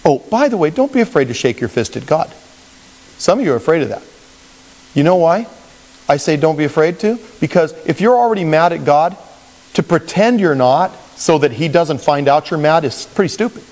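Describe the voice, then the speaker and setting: A man preaching a Bible-teaching sermon as a pastor, conversational and animated, acting out quoted voices. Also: fairly high pitch, brisk. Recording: long reverb, as in a large hall.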